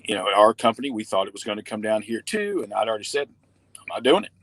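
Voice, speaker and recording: A man's voice: fairly low pitch, expressive, very fast, a bit bright, no room sound. A man, talking earnestly as a podcast guest in a casual conversation.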